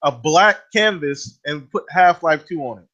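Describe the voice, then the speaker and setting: Man, a bit high, blunt and sweary, muffled lo-fi sound. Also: animated, normal speed, a bit bright. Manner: blunt, swears, laid-back ranting. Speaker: podcast co-host. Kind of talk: casual gaming chat. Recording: dull lo-fi audio.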